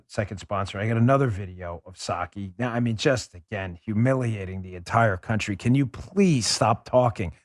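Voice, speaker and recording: A man's voice: mid-range voice, no echo, clean studio sound. A man hosting a political talk show, delivering a heated, scornful monologue. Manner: combative, ranting, scornful.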